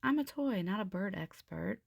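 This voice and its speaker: An excitable cowgirl doll who jumps to shouts and nervous asides, as a woman reading a storybook puts her on. The voice rides a touch higher than the reader's own, with a gravelly edge in a dry, close room. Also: moderate pace, no echo. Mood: worried. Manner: excitable, exclamatory. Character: brave cowgirl doll, jumpy.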